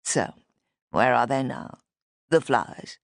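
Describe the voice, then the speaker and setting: A man's voice: medium pitch, slow, gravelly, no room sound, clean studio sound, voice pushed down. A woman reading an audiobook voices a tall, agitated young man who talks in clipped, demanding phrases. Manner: clipped, tightly controlled and demanding. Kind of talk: audiobook character voice.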